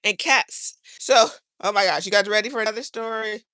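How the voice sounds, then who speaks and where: A woman's voice: medium pitch, a little fast, pushed and bright, no echo, clean studio sound. A woman chatting casually on a livestream, rambling and earnest as she talks to viewers from her garden outdoors. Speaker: livestream host.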